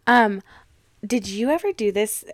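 Animated young woman telling stories. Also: medium pitch, unhurried, no room sound. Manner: animated storyteller, acts out quotes. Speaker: podcast co-host. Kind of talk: casual chat.

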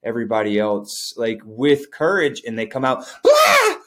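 A man's voice: medium pitch, moderate pace. A man co-hosting a podcast, speaking in a loose, searching way with many fillers. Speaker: podcast co-host. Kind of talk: casual spiritual chat.

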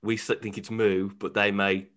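A man's voice: on the low side, level tone, moderate pace, a bit bright. A man co-hosting a casual podcast chat, asking the questions and steering the talk. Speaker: podcast co-host.

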